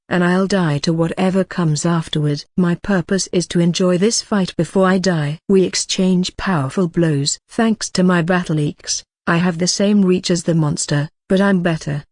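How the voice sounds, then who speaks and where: A woman's voice: lowish voice, darkish tone, no room sound, clean studio sound. A woman reading a first-person game novel aloud, voicing laughs and sound effects as she goes. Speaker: audiobook narrator. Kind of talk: first-person audiobook narration.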